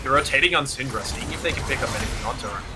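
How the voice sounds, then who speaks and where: A man with an Australian accent giving steady, explanatory analysis as co-caster of an esports match. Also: mid-range voice, very fast, a little hiss or hum. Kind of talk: live analyst commentary.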